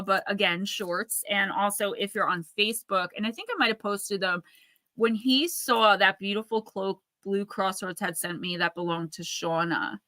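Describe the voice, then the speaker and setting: A woman's voice: mid-range voice, sharp tone, no echo. A woman in her thirties hosting a casual livestream, rambling and chatty as she reads out viewer comments. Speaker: livestream host.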